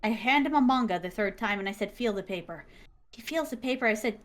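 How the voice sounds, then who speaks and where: A woman guest telling a heartfelt, excitable story, acting out the people she quotes and laughing often. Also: on the high side, quick pace. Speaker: interview guest, manga creator. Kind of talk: animated storytelling.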